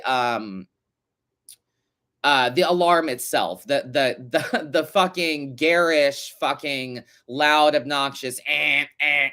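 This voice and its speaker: A young man hosting a podcast, ranting in a casual monologue with lots of swearing and sarcasm. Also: medium pitch. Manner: animated, profane, sarcastic ranting. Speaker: podcast host and tarot reader.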